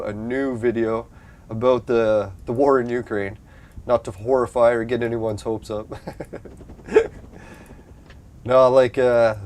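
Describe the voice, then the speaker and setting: A man's voice: mid-range voice, darkish tone. A young adult man from Canada, chatting casually and profanely on a live stream, rambling and laughing often.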